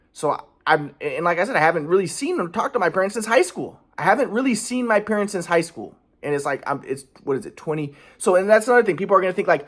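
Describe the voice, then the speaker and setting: Rambling, aggrieved man talking fast. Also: fairly high pitch, expressive. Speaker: vlogger. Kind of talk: monologue to camera. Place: apartment by an alleyway.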